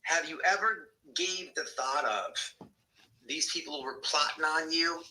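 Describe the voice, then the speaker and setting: A man hosting a live stream, talking casually in an animated, profane, ranting way. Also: a little high, a little slow, poor audio. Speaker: livestream host.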